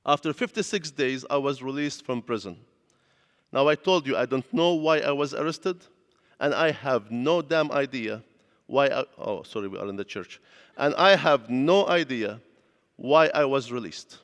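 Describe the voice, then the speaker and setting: A man's voice: mid-range voice, animated, normal speed. Man preaching in a reverberant church. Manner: earnest storytelling, non-native grammar. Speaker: pastor giving a lecture. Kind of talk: personal testimony sermon. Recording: long hall reverb.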